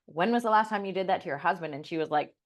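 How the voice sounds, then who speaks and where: A woman's voice: lowish voice, rapid-fire. A woman podcast co-host and life coach, telling a client story in casual chat and acting out what each person said. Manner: animated storytelling, acting out quoted people.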